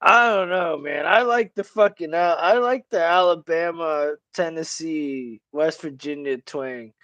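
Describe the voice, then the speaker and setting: High-voiced man, teasing banter. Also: unhurried, a bit bright, dry recording, dull audio. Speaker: guest. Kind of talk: casual chat.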